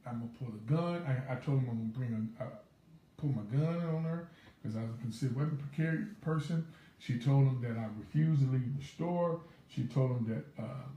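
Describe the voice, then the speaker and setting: A man's voice: medium pitch, dark tone, echoey room, poor audio. A man, a pastor hosting his morning show, telling a story animatedly and acting out the quotes. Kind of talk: storytelling devotional talk.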